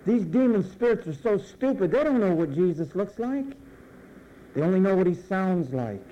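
A man preaching with a high but mellow, dark-toned voice. He speaks emphatically and lets his phrase endings drop low and slow. The sermon is heard on a slightly dull lo-fi recording. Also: a little hiss or hum. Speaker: pastor.

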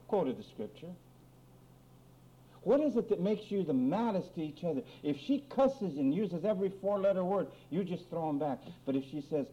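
A man preaching a lively sermon on marriage quarrels, acting out both spouses in mock voices and reading scripture. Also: fairly high pitch, normal speed. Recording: dull lo-fi recording with faint room noise.

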